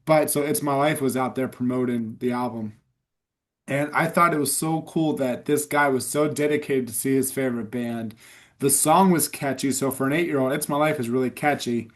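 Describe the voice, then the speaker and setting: A man in his thirties hosting a casual chat, eager, reminiscing and quick with short replies. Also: medium pitch. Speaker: podcast host.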